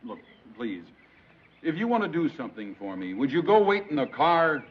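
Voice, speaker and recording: Lively high-voiced sitcom man. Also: moderate pace, a little hiss or hum. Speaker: sitcom co-star. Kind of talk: 1960s sitcom acting. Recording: dull old TV soundtrack with loud audience laughter.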